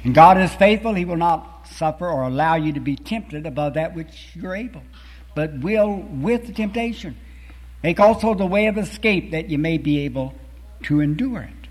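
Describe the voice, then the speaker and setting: Earnest preacher with husky voice, echoing hall. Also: male voice, a little high, lively intonation, moderate pace. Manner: earnest, rises and falls in emphasis while reading scripture and poetry. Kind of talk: sermon. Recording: long hall reverb.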